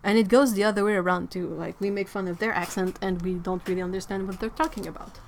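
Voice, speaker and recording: Woman, casual streamer chat, playful, laughs easily, mid-pitched. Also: fairly even intonation, fast talker, slight background noise. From Quebec, Canada. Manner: chatty and playful, with frequent laughs and self-corrections. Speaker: artist livestreaming. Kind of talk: casual livestream chat answering viewers.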